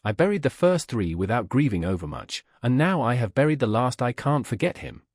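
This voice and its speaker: A man's voice: mid-range voice, big pitch swings, dry recording, clean studio sound. A man voicing a wailing grieving peasant woman. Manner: sing-song wailing lament, slow and pleading. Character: grieving peasant townswoman, middle-aged, lamenting.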